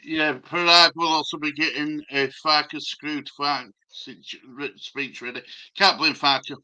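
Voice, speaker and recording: Bright, jokey male fan panelist. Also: a little high, fairly even intonation, a little slow. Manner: joking, rambling asides. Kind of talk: casual fan chat.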